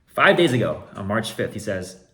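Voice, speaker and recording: A man's voice: lowish voice, very animated, normal speed, fairly bright tone. A man who runs an online card shop, telling a story in a casual vlog with exasperated, sarcastic asides.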